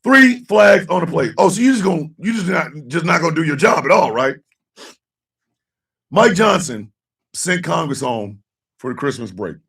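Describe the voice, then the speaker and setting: A man hosting a casual talk show, ranting loudly and cursing, swinging between shouting and low mutters. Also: big pitch swings, moderate pace, creaky, recorded from a distance. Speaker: host.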